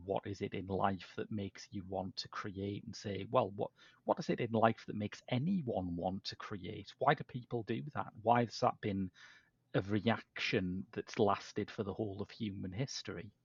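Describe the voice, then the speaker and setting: Gravelly low-voiced man, dull dry sound. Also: measured pace, dry recording. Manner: chatty, talks in restarts and asides. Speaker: podcast host. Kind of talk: casual film discussion. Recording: dull dry low-fidelity podcast audio.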